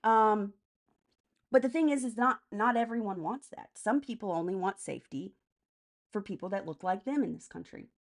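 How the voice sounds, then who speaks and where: A woman's voice: medium pitch, animated, moderate pace. A woman hosting a casual political live stream, answering chat comments by name in a blunt, profane way.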